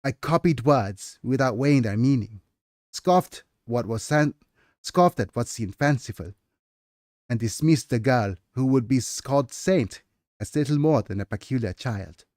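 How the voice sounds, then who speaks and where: A man's voice: mid-range voice, lively intonation, a little slow, a little mellow, dry recording, studio quality, natural voice. A man reading aloud as an aging male scribe, solemn and reflective, with a Nigerian accent. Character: aging male scribe recalling his past.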